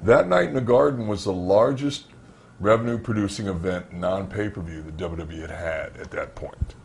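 A low, creaky voice at normal speed, backed by a little hiss or hum, belongs to a former pro wrestler telling career stories in an interview. He animates them by acting out the dialogue.

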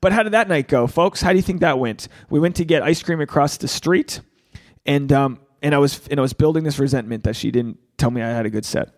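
Animated, swearing man with a fairly high voice. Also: fairly quick. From Rhode Island. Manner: animated, swears freely, acts out quotes. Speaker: podcast host, standup comedian. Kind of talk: candid podcast talk.

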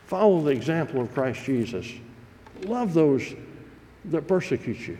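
A pastor preaching a sermon, telling stories in a folksy, earnest way. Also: male voice, on the high side, big pitch swings, measured pace, mellow, a little hiss or hum. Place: church sanctuary. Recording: long reverb of a large hall.

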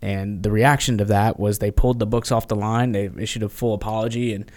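A man's voice: on the low side, steady tone, brisk, darkish tone. A man, a podcast guest, telling stories in casual chat and acting out quoted voices, with many fillers.

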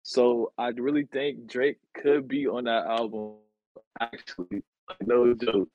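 A man's voice: medium pitch, fairly even intonation, measured pace, soft background music. Easygoing man with a dull, lo-fi mic. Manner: hesitant restarts, easygoing slang. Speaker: guest, friend of the host. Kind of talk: casual album review chat.

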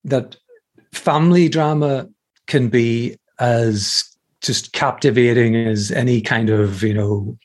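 A man's voice: mid-range voice, fairly even intonation, takes it slowly. A man talking as a guest on a podcast, praising a show enthusiastically and searching for his words. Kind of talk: casual chat.

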